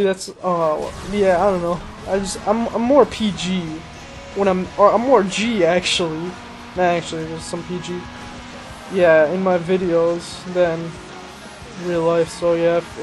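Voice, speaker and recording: In this casual let's-play, a young gameplay commentator with a high-pitched voice speaks at a normal pace, rambling, poking fun at himself and exclaiming eagerly at what happens in his racing game. The audio quality is poor, with the game's music and car engine noise running underneath.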